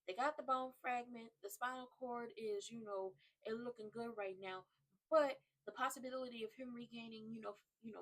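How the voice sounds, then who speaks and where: Blunt, animated woman recapping soaps. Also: a little high, poor audio. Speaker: soap opera recap host. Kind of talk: casual recap commentary.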